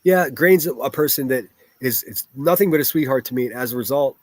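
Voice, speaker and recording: A man hosting a live stream who answers his chat bluntly and swears freely. His voice sits at an ordinary middle pitch. The sound is dry and close, with no room around it. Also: brisk, dry recording. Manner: blunt, profane, rambling with restarts. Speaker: livestreamer reading chat.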